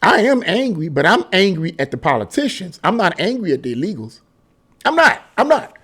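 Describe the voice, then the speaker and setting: A man's voice: high-pitched, sing-song, fairly quick, a bit bright, slightly rough. A man hosting his own commentary channel, delivering a heated, emphatic political rant with lots of repetition. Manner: mocking singsong asides.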